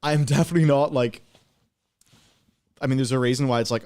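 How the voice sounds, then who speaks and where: A man's voice: mid-range voice, steady tone, fairly quick, darkish tone, clean tone. A man, co-hosting a livestream in casual, rambling, sardonic chat full of fillers. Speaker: livestream co-host.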